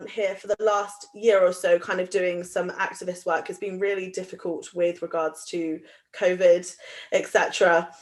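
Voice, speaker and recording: Chatty young woman guest. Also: medium pitch. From Somerset, England. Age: young adult. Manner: chatty, self-deprecating, lots of "like" and "kind of". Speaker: guest speaker. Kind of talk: casual talk.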